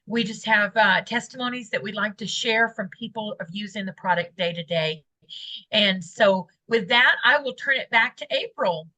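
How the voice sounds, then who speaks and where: A woman interviewing on a group call, brisk and upbeat, with short affirmations. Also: medium pitch, sharp tone, rough recording. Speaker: co-host interviewing.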